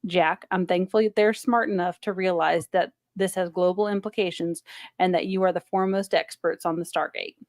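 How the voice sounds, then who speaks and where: A woman reading a stern male general running a briefing, in an even, everyday voice with a dry, close sound. It is a casual podcast read-through of a script, with no character voice put on. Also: lowish voice, moderate pace, dry recording, lightly acted. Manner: plain script read-through in her own voice.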